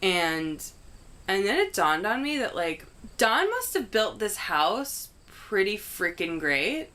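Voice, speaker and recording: A woman's voice: mid-range voice, sing-song, takes it slowly, bright, forceful tone. A young woman vlogger telling a story casually, filling her talk with "like" and swearing freely. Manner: chatty, heavy use of "like", frank swearing.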